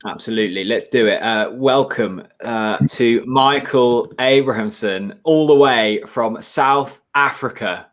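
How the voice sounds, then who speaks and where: Friendly man interviewing a guest. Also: medium pitch. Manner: friendly, apologetic, quick questions. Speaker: livestream co-host. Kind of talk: casual interview chat.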